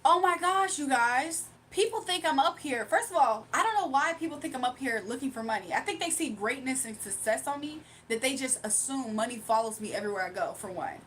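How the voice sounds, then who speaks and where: A woman's voice: sits high, expressive, a little fast, hardly any pauses, a bit bright, a little hiss or hum, rough recording. A woman hosting a livestream with a faint foreign accent, talking back to her chat in a sassy, casual way. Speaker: livestream host.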